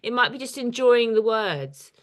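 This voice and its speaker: A woman's voice: fairly high pitch, expressive, normal speed. A woman artist leading an informal poetry workshop over a video call, chatty and hesitant, with lots of ums. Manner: chatty, hesitant with many fillers.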